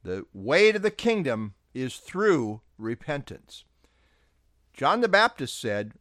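A male pastor delivers a devotional sermon with earnest conviction, leaning hard on key words. His pitch sits a little high for a man and swings widely as he preaches. The sound is dry and close, with no room echo. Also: sing-song, normal speed, fairly bright tone. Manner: earnest preaching with emphatic stresses.

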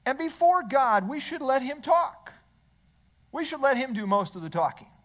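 A man's voice: very high-pitched, sing-song, normal speed, fairly bright tone. A male pastor preaching a sermon in church, asking the congregation rhetorical questions.

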